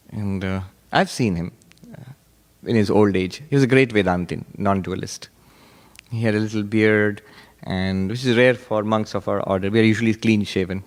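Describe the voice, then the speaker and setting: A man, a monk, giving a sermon on Vedanta with animated storytelling and frequent laughter. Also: fairly low pitch, in a large hall.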